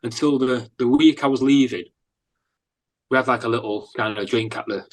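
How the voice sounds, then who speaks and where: Northern English male musician, casual rambling storyteller, middle pitch, filler-heavy delivery. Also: normal speed, rough recording. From England. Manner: rambling, animated anecdotes with lots of fillers. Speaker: musician guest.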